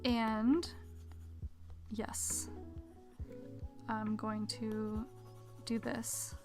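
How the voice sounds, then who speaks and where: A woman streaming her drawing, chatting casually with viewers and muttering quietly to herself as she works at a mic with a pop filter. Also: fairly high pitch, level tone, extremely slow, soft background music. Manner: chatty, reads chat aloud, mutters quietly to herself while working. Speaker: art streamer. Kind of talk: casual live-stream chat while drawing. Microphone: desk mic with pop filter.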